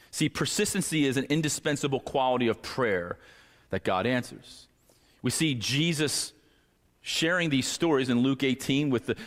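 A man preaching a sermon as pastor, earnest and at times acting out pleading voices. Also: mid-range voice. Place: church sanctuary. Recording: church hall reverb.

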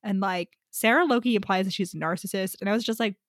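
A young woman, co-hosting a podcast in relaxed chat, full of "like" and casual swearing. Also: mid-range voice, quick pace, no echo, clean studio sound. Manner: laid-back, sprinkled with "like" and swearing. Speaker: podcast co-host. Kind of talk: casual book-recap chat.

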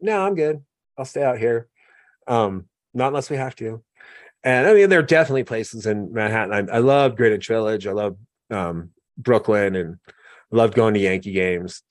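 A man's voice: fairly low pitch, normal speed, no room sound, clean studio sound. A man from Oregon hosting a podcast, talking casually in a rambling way and mimicking other people's voices as he tells stories. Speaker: podcast host. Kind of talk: casual conversational interview.

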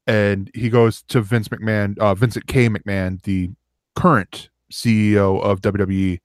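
Low-voiced man telling a rambling story. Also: level tone, unhurried, dry recording, studio quality. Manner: rambling storyteller who acts out quotes. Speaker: podcast co-host. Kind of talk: casual chat.

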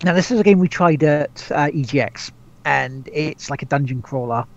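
A man's voice: on the high side, normal speed, highs cut off. A man co-hosting a gaming podcast, rambling casually, stumbling over repeated words and swearing freely. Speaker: podcast co-host.

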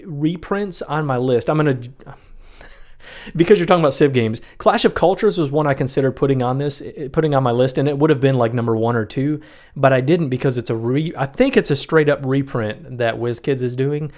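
A man's voice: mid-range voice, normal speed, darkish tone. A man co-hosting a casual podcast chat, rambling and correcting himself, often laughing. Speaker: podcast co-host. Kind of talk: casual chat about board games.

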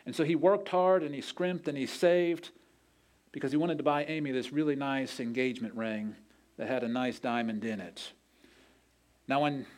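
A man's voice: fairly high pitch, darkish tone. A man preaching a sermon, telling a story in an earnest way and acting out the quoted voices. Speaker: pastor.

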